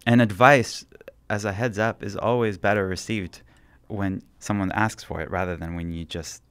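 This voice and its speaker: A man, an author being interviewed on a radio talk show, telling stories in an earnest, gently reflective way. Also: on the low side, steady tone, moderate pace, clean tone, dry recording. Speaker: author guest.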